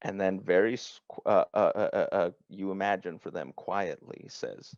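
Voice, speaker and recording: A man narrating as game master for a tabletop game, slow and halting with many restarts. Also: sits low, darkish tone, no echo. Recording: dry, dull lo-fi sound.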